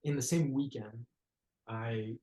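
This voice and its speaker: A man in the middle of his voice range speaks as a podcast guest, telling a story in a thoughtful, searching manner. He pauses and restarts often, reaching for the right word. The recording has a noticeable roomy echo. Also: medium pitch, steady tone, warm tone. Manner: searching, hesitant phrasing with frequent "like" and restarts. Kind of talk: reflective conversational storytelling.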